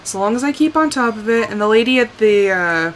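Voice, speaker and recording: A tired woman streamer chatting casually while she plays, rambling, sighing and trailing off into quiet asides. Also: a little high, lively intonation, a little fast, slight background noise. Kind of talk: casual live-stream chat while playing.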